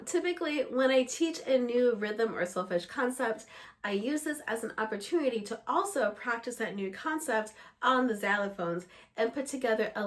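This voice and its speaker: Woman, music teacher, steady explanatory delivery, fairly high voice, a little under the weather. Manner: explanatory, steady, breaks into short sung examples.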